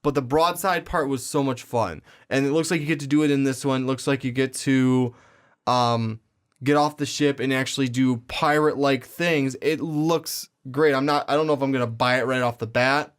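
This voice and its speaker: A man's voice: medium pitch, steady tone, normal speed, smooth. A young man co-hosting a casual gaming podcast, laid-back and a little hesitant. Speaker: podcast co-host. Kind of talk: casual chat.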